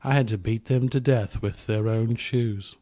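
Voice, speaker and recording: Man doing a bragging British roadie with a deadpan tall tale, middling voice. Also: mid-range voice, measured pace, no room sound, studio quality, lightly acted. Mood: boastful. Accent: put-on British. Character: boastful male roadie spinning a violent tall tale.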